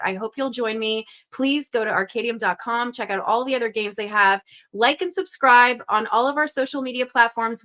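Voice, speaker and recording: A young woman hosts a live stream in a chatty, upbeat way, calling out viewers' guesses as they come in. Her voice sits a little high and sounds sharp and bright. She is from Western Canada. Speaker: live-stream puzzle host. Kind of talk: casual live-stream chat.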